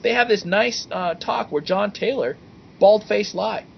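A man co-hosting a casual podcast, talking in an animated, sarcastic and exasperated way. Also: high-pitched, unhurried, vocal fry, highs cut off, slight background noise. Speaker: podcast co-host.

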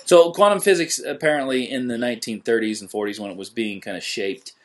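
A man co-hosting a podcast in casual, skeptical chat, sardonic and debunking, with halting fillers. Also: medium pitch, a little hiss or hum. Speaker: podcast co-host.

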